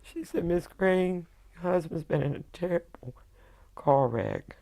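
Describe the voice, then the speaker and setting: A middle-aged woman, a widow giving emotional personal testimony in a halting way, full of quoted dialogue. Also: on the low side, dark tone. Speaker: widow telling her story.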